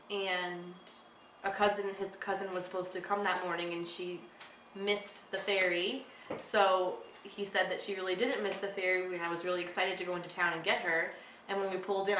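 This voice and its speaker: A woman telling a personal story in a relaxed, chatty way, laughing along. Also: mid-range voice. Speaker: interviewee. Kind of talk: casual storytelling. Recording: roomy, faint background noise.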